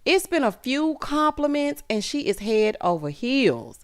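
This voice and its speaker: A woman in her thirties giving a sassy, animated recap of a reality show, calling her viewers honey and child. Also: sits high, a little slow. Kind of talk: casual recap commentary.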